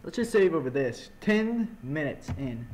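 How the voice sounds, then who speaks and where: A gaming channel host does casual let's-play commentary from home, chatting and eating with his mouth full, his mic pressed right up against his mouth. His voice is a little high and sing-song, slightly slow and darkish in tone. There's a faint hiss or hum.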